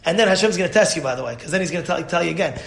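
A man's voice: high voice, rapid-fire, creaky. A man, a rabbi, giving a Torah class, telling stories with acted-out voices. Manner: animated storyteller acting out voices. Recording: echoey room.

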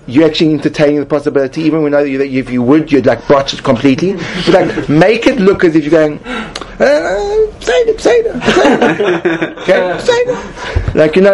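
A man's voice: fairly high pitch, a little mellow. A man giving a rambling, tongue-in-cheek class, with lots of restarts and filler words. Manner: rambling, repeats and restarts, frequent "like". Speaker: comedic class presenter. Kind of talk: mock-instructional comedy talk.

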